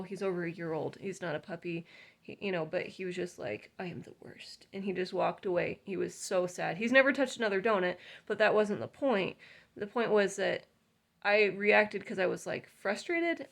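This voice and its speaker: Woman dog breeder chatting to camera, earnest and rambly, bit of gravel in her voice. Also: mid-range voice. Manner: chatty, earnest, with fillers and sudden loud acted exclamations. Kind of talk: casual talk to camera.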